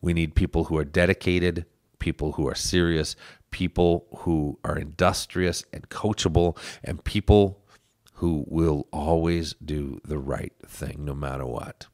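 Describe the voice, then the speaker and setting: Deep-voiced man urging action. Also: fairly even intonation, unhurried, a little mellow, no echo, studio quality. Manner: earnest, urging listeners to get involved. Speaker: podcast host. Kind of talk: political podcast commentary. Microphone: studio microphone.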